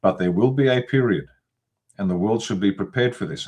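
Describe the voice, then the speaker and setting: A man speaks in a fairly low voice, blunt and emphatic, reeling off long lists as he makes his case. He is a guest in a political interview, talking over a video call. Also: fairly quick, darkish tone. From Australia. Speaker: guest commentator.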